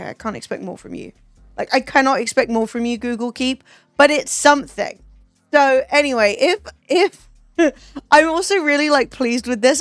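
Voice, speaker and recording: A woman's voice: on the high side, no room sound. Chatty young Southern English woman. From England. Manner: chatty and rambling, lots of "like" and swearing. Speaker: streamer. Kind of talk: casual chat. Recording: dry close mic, faint music.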